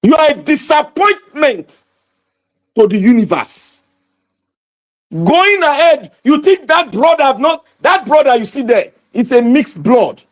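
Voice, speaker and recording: Fiery and repetitive, this Nigerian host delivers impassioned political commentary in an extremely high pitch, preaching and exhorting his audience.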